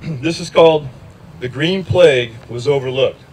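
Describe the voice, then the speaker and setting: A man's voice: mid-range voice, normal speed, darkish tone, slight background noise, low-quality recording. A man, a journalist, speaking wryly and conversationally before reading aloud to a rally crowd. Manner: wry, conversational. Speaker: outdoors journalist. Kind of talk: speech with reading. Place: outdoors at a riverside lock.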